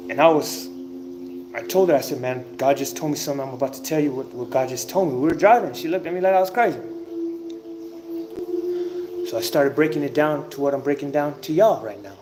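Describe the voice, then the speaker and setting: A man giving an informal spiritual talk, telling a story emphatically, with drawn-out pauses and the odd curse word. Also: a little high. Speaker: self-styled spiritual teacher. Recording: noisy ambient background.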